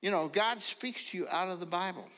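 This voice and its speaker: An older man preaching a folksy sermon, telling stories slowly and now and then rising into loud ringing calls. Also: high voice. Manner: slow storytelling, bursts into loud ringing calls. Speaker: pastor. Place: church sanctuary. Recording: long reverb of a large hall.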